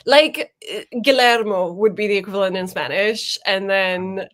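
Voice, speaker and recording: A woman's voice: medium pitch, moderate pace, a bit bright. A young adult woman co-hosting a livestream, chatting casually and reading out viewer comments, laughing often. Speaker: co-host of a writing sprint stream.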